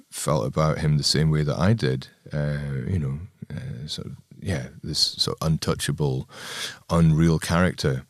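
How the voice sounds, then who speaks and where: A man with a deep, low voice tells an animated anecdote in an interview, slipping into quick impressions. The recording is dry and close, with no room sound. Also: no echo. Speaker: band member. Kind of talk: storytelling interview.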